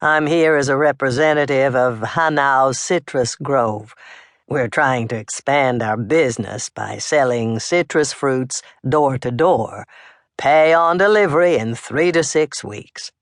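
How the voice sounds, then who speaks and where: A narrator voicing a smooth-talking, sinister male salesman with a polite, oily sales pitch. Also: a little slow, no room sound, studio quality, lightly acted.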